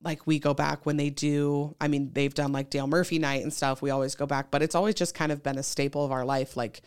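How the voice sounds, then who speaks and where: A woman in her thirties, a podcast guest, telling stories in a chatty, animated way with lots of fillers. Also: sits low, brisk, clean tone. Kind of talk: casual chat.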